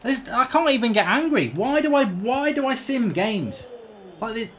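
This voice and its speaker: A man's voice: extremely high pitch, lively intonation, normal speed, fairly bright tone. Exasperated man commentating gameplay. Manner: exasperated, swearing, groaning at his team. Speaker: gaming channel host.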